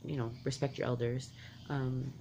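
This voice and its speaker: A woman's voice: a bass voice, level tone, normal speed, creaky, dark tone, a little hiss or hum. A woman vlogger telling a personal story from her childhood, candid and rambling, full of "like" and restarts. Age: adult parent.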